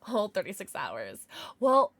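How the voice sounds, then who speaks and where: A woman's voice: medium pitch, huge pitch swings, measured pace, no echo. A tired woman livestreaming a game, chatting casually and rambling with her viewers, reading out names and laughing often. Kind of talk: casual chat with viewers while gaming.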